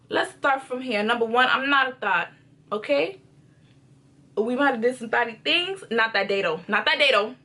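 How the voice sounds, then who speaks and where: A young woman vlogger telling a storytime in an animated, expressive way. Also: a little high, moderate pace. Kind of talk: storytime vlog.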